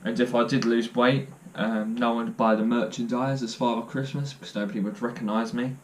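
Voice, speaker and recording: A man's voice: medium pitch, flat delivery, brisk, a little hiss or hum. Joking young man telling stories. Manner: jokey, self-deprecating, rambling with fillers. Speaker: vlogger. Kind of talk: casual storytelling to camera.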